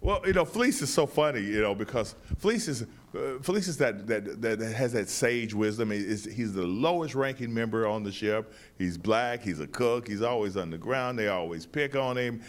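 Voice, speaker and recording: Halting, low-voiced male playwright. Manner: halting, many repeated starts, thoughtful. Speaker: playwright and director. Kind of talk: interview answers.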